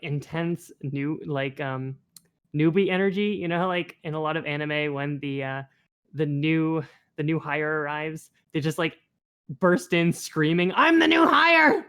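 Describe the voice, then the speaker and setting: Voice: medium pitch, fairly even intonation, a little slow, smooth. Chatty podcast co-host with many fillers. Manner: rambling, many fillers, laughs often. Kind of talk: casual chat.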